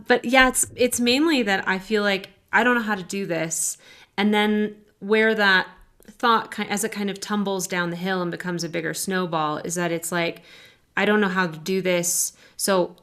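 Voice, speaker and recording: A woman's voice: medium pitch, steady tone, normal speed, fairly bright tone. A woman in her thirties co-hosting a podcast, chatting candidly and self-deprecatingly about her writing doubts. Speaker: podcast co-host. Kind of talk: casual chat.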